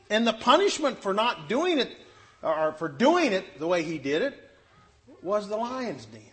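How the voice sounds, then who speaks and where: Animated, high-pitched preacher man. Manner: animated, acts out scripture quotes. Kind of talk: sermon.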